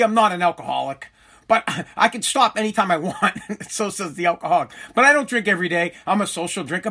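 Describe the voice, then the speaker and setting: Profane rambling New man, bright and high. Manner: rambling, profane, self-mocking. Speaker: radio show host. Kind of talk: casual comedic monologue.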